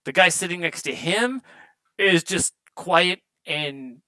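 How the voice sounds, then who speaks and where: Man, game master, rambling narration, fairly high voice, very dry. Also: slow, sharp tone, no room sound, rough recording. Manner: loose, rambling description full of fillers.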